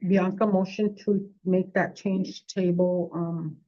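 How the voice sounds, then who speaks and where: A woman chairing a board meeting, reading motions and calling votes in a measured, procedural way. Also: lowish voice, little pitch movement. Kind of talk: formal meeting business. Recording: muffled lo-fi meeting recording.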